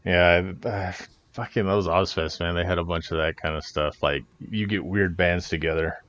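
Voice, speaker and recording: A man's voice: deep voice, steady tone, normal speed, fairly bright tone. A man co-hosting a podcast, telling concert stories in casual chat, swearing and laughing often. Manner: profane, laughing storyteller. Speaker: podcast co-host. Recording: muffled lo-fi podcast audio.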